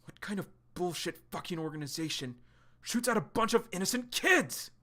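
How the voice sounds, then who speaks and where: A hot-tempered young male fighter, as a man reading a comic puts him on, cursing in anger. The voice is bright and lively and climbs into shouting. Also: sits high, moderate pace. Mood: angry. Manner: angry, swearing, shouting.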